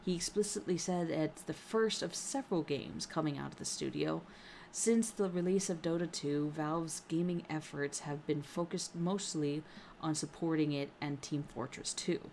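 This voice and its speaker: A woman with a fairly low voice co-hosts a casual gaming podcast, reading news stories aloud. She stumbles over words and laughs at her own slips. A faint hiss of noise sits under the recording. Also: moderate pace, gravelly, darkish tone.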